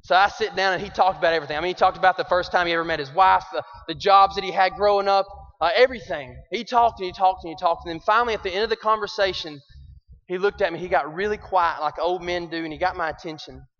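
A man giving an animated, folksy motivational talk to young people in an arena. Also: sits high, quick pace. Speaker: youth speaker. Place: large arena. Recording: dull echoey arena recording.

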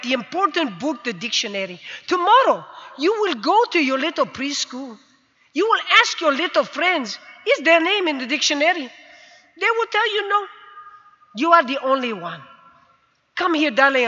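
A woman voicing her emotional middle-aged father, loud, solemn and tearful. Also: high voice, pitched above the performer's own voice, exaggerated voice. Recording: dull sound, long hall reverb.

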